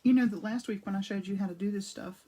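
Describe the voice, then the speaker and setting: The audio is poor with slight background noise, carrying a woman's quick, dark-toned, medium-pitched voice. She's an art demo host streaming a casual craft demonstration live from her home studio, talking around a cough drop. Chatty and rambling, she greets viewers by name mid-demo, restarts frequently, and keeps adding asides.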